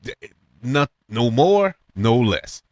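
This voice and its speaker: A man talks through a movie review in a loose, conversational way, with a pitch that swoops up sharply whenever he stresses a point. He laughs often between thoughts. The recording is dry and close, with no room sound. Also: takes it slowly, no room sound. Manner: animated, laughs often, pitch jumps up high for emphasis. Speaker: podcast host reviewing films. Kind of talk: casual spoken movie review.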